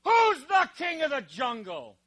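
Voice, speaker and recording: A man voicing a swaggering, bossy male lion who shouts his questions at other animals in a told joke. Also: very high-pitched, huge pitch swings, measured pace, dry recording, voice pushed up, heavily acted. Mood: bossy shouting. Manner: loud, bullying shouts.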